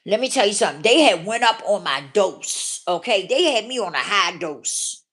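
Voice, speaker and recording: A woman vlogger tells a personal story directly to her viewers in a medium-pitched, slightly bright voice that is animated and moderately paced. She is blunt, profane, and emphatic, constantly checking in with "okay?" and "do you hear me?" in this candid storytelling monologue.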